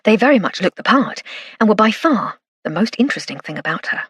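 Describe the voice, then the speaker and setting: A woman's voice: mid-range voice, big pitch swings, a little fast, fairly bright tone, husky, no room sound. A woman narrating a first-person cozy mystery audiobook with arch, dry wit. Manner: arch, dryly witty.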